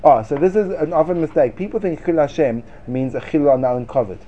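A man giving a lively Torah class to students, sarcastic and quick to laugh at his own points. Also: fairly high pitch, muffled recording, slight background noise. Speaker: Torah teacher.

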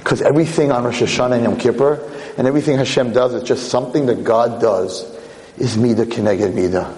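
Animated rabbi in an echoey hall. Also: male voice, mid-range voice, fast. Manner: animated, emotional, repeats words when excited. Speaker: rabbi giving a talk. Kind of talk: sermon with storytelling. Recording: long hall reverb.

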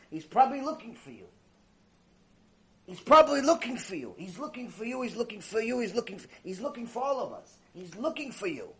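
Here the Torah teacher's voice is very high-pitched and brisk as he delivers a mussar lecture. He brings his stories vividly to life, weaving in Hebrew terms and repeating himself.

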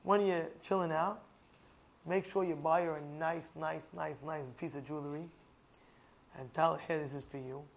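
A rabbi, a man with a notably high voice, teaches through homely stories. He keeps checking whether his listener follows, and his voice swings into shouts when he makes a point. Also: moderate pace, creaky. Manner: animated, asks the listener rhetorical questions, raises voice to a shout for emphasis. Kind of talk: storytelling talk on marriage.

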